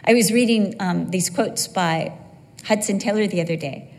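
A middle-aged woman preaching a sermon in a church, lively and humorous, acting out bits of dialogue with quick asides. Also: medium pitch, creaky. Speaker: women's Bible teacher. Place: church sanctuary. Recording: long hall reverb.

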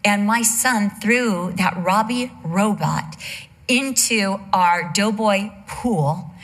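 A woman's voice: mid-range voice, slow pace. A middle-aged woman giving a conversational teaching message, candid and humorous, full of asides. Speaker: women's Bible teacher.

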